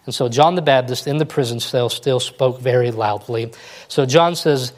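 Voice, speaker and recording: A man's voice: medium pitch, moderate pace, darkish tone. A man preaching a sermon, earnest and rising to emphatic exhortation as he urges listeners.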